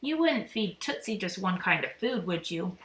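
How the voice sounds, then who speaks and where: A woman voicing an excitable little boy in a storybook reading, with an eager, insistent childish manner. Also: medium pitch, moderate pace. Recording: echoey room, faint noise.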